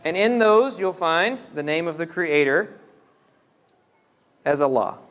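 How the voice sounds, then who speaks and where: In a mosque hall with long reverb, an animated man with a slightly high, fairly bright voice lectures slowly on religion. He explains step by step and questions his audience as an Islamic lecturer.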